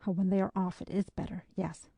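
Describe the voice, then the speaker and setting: Nervous young Spanish woman on the road, hesitant and fearful; dry, gravelly read; woman narrator voicing her. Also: mid-range voice, level tone, fairly quick, no room sound, muffled recording. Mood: anxious. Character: anxious young Spanish woman traveller, lame and frightened.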